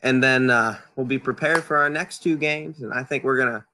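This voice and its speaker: A man guest on a casual podcast, talking in an animated way with frequent restarts. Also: mid-range voice, normal speed, slight background noise.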